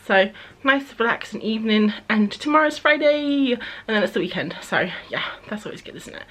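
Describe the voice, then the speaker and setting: A woman's voice: a little high, brisk. Chatty young woman vlogging. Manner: chatty and relaxed, self-deprecating. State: out of breath after a run. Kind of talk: casual chatty vlog.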